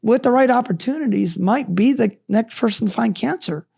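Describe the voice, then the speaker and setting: A man's voice: very high-pitched, moderate pace, vocal fry, a little mellow, husky. A middle-aged man, a justice of the peace, telling his life story on a podcast in an earnest, preachy way. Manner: earnest, preachy, urgent encouragement. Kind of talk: casual storytelling in a podcast interview.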